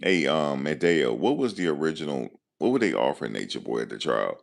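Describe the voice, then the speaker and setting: Hosting a live stream, this man jokes casually and talks back to his chat in a loose manner. His rumbling low voice has vocal fry and big pitch swings, and he speaks a little fast.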